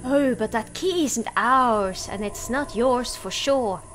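A woman's voice: on the high side, noisy background. Woman voicing sarcastic tangled flying creatures. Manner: slow, sarcastic drawl. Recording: game music underneath.

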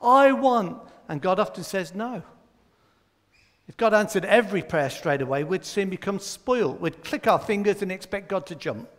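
A man's voice: high-pitched, expressive, normal speed, in a large hall. A man giving a playful children's talk in a church service, quizzing the children by name and joking as he goes.

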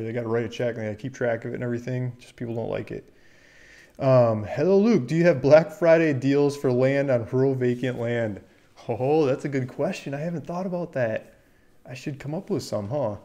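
Chatty man hosting a livestream, mellow voice. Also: medium pitch. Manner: chatty, excitable, laughs often, reads viewer comments aloud. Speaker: livestream host, land dealer. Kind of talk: casual livestream talk.

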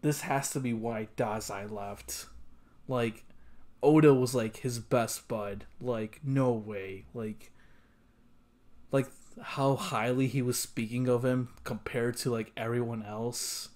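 An anime reaction channel host with a medium-pitched, darkish, steady voice comments slowly and casually on an episode. Exasperated, he swears, repeats himself and sometimes sinks into muttered whispers.

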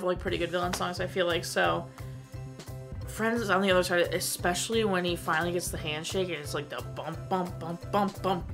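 A young woman talking casually and enthusiastically as she reviews a film, full of "like" fillers. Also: fairly low pitch. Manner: gushing, enthusiastic, frequent "like" fillers. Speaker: movie reviewer. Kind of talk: casual chat.

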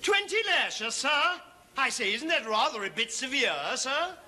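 An actor playing a genteel, fussy first mate who speaks in an affected, languid way in a 1960s TV sketch. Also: male voice, extremely high pitch, big pitch swings, unhurried, bright, forceful tone, heavily acted.

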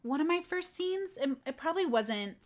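A woman's voice: high-pitched, lively intonation, normal speed. Candid woman rambling on a livestream. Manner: candid, rambling storytelling with many fillers. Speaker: content creator and streamer. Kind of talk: casual livestream talk.

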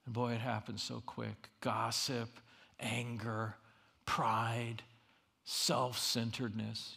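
A middle-aged man preaches with a gravelly, bright-edged voice. He is animated and humorous, punching some lines loudly and dropping others to near-hushed asides. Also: mid-range voice, takes it slowly. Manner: animated, swings from loud emphasis to quiet asides; humorous storytelling. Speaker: university chapel speaker. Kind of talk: preached sermon.

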